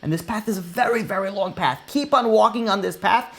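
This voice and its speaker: A man's voice: sits high, a little fast, vocal fry, a bit bright, pitched above the performer's own voice. A man voicing a stern angel who gives matter-of-fact instructions to a dead soul. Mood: instructing.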